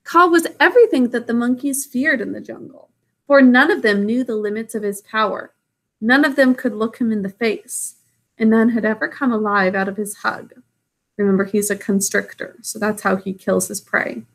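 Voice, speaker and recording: A woman's voice: fairly high pitch, moderate pace, creaky. A woman reading a story aloud, stopping to explain what is happening. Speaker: storybook reader.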